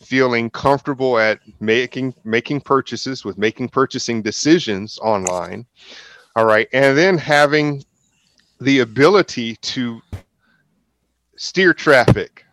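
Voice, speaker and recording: A man with a smooth, resonant voice leads a group discussion, explaining his points at length and checking in with the others. The sound is dry and close. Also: medium pitch, unhurried, fairly bright tone, no echo. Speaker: host.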